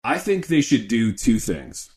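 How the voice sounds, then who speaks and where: Middle-aged guy cohosting a podcast, jokey and lively, keeps saying dude, average pitch. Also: a little slow. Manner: animated, joking, says "dude" a lot. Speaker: podcast co-host. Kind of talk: casual podcast chat.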